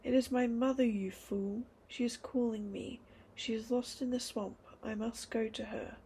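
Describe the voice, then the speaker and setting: A woman's voice: fairly high pitch, little pitch movement, normal speed, darkish tone, slight background noise, lightly acted. A woman reading as a desperate male villager.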